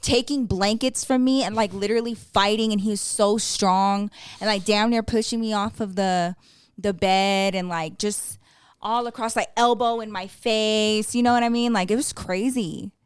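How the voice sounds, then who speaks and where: Animated woman co-hosting a couples podcast, dry sound. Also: medium pitch, normal speed, smooth, no echo. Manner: animated storytelling, profanity, laughs a lot. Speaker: podcast co-host. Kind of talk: casual chat.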